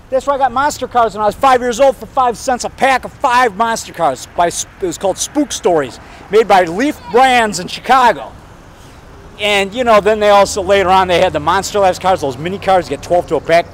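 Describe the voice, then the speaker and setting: An excitable man in his fifties vlogs while walking down a town street, talking straight to the camera. His voice sits high for a man, and he rambles from thought to thought, calling the viewer brother and man. Faint traffic hums behind him outdoors. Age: 50s. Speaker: filmmaker vlogging.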